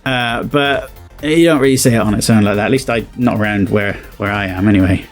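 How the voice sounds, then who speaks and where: A man's voice: fairly low pitch, brisk, soft background music. A man from southwest England with a West Country accent, chatting through a casual reaction commentary and rambling on with lots of fillers and restarts. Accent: West Country English. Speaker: video commentator.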